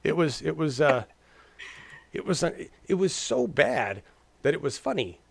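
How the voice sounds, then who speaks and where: A man's voice: a little high, sing-song, unhurried, creaky, husky, dry recording. A man co-hosting a casual political chat, rambling and restarting his words, slipping into mocking impressions. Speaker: podcast co-host.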